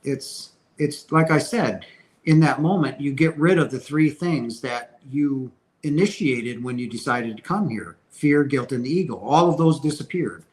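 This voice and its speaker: Over poor audio, a man with a mid-range, darkish voice talks at a measured pace as he fields viewer questions on a casual livestream. He speaks about spiritual topics with earnest emphasis, restarting his sentences again and again.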